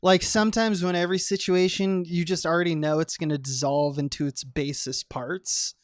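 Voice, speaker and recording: A man's voice: on the high side, fairly even intonation, normal speed, no room sound, clean studio sound. A man talking over a film on a casual podcast, in a thoughtful, hedging way with plenty of fillers. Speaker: podcast guest.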